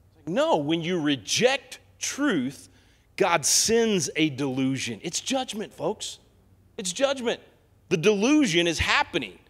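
Fiery high-voiced male preacher, echoing hall. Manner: impassioned, swings from soft asides to loud declarations. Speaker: guest speaker. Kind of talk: fiery sermon. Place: church sanctuary.

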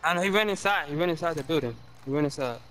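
A man's voice: a little high, racing, a bit bright, rough recording. A man playing an online shooter, answering his teammate with short defensive replies. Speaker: gamer teammate. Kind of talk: casual gaming chat.

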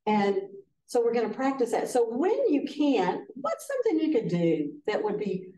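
An older woman with a drawl gives a relaxed, folksy training talk and slips into little voices to act out quotes. Her voice is mellow and dark, picked up from a distance in an echoey meeting room with a faint hum behind her. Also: on the high side, normal speed. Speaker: trainer presenting to foster care advocates. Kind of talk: casual workshop talk.

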